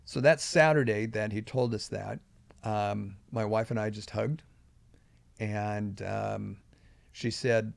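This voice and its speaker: A man's voice: on the low side, fairly even intonation, takes it slowly, creaky, no room sound. An older man, a podcast guest, telling a personal story earnestly and with emphasis at key moments.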